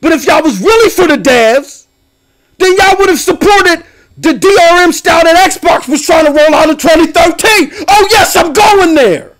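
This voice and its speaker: A young man hosting a gaming live stream, ranting loudly and laughing often as he swings between shouts and low mumbles. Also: moderate pace. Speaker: game streamer and podcast host.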